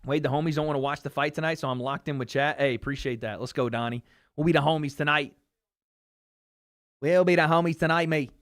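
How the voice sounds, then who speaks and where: A man from Tennessee hosting a fight watch party stream, answering viewer questions in slangy, casual talk and cheering loudly when the action heats up. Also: medium pitch, fairly even intonation, quick pace. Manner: laid-back and slangy, swearing, gets loud cheering the fight. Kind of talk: casual livestream chat, reading viewer questions.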